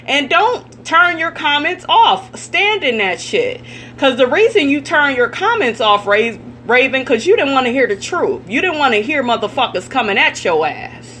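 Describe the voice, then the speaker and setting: Bright-voiced woman ranting blunt gossip. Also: sits high, very animated, normal speed, a little hiss or hum. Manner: blunt, profane and indignant, addressing viewers directly. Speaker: celebrity gossip vlogger. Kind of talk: ranting commentary vlog.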